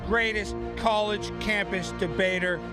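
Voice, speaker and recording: A man's voice: high-pitched, steady tone, a little slow, music in the background. A man playing a boastful, pompous campus debater in a comedy skit. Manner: pompous, bragging.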